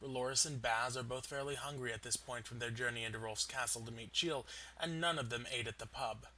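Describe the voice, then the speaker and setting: A man narrating a tabletop game as game master, in steady, descriptive storytelling. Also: mid-range voice, a little fast, slight background noise.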